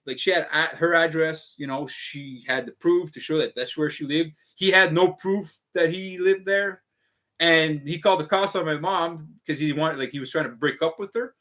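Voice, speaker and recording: Speaking straight to his viewers, a Canadian man drifts through a loose livestream in a slightly high voice with a sharp, bright edge. He curses freely, sounds restless, and links his thoughts with constant fillers.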